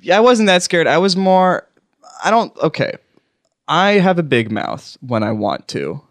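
A man's voice: fairly high pitch, big pitch swings, unhurried, dry recording. A man co-hosting a podcast who tells a story in casual chat, stuttering and restarting his sentences in a keyed-up way. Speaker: podcast co-host.

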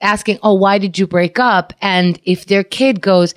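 Candid young woman telling a story in a casual podcast chat, with a mid-range pitch and a dry, close sound. She tells it frankly and with lively energy, acting out the voices of the people she quotes. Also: a little slow, dry recording.

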